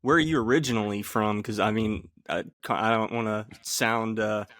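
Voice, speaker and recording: Easygoing low-voiced man co-host. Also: moderate pace, fairly bright tone, no echo, clean studio sound. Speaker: podcast co-host. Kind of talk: casual chat.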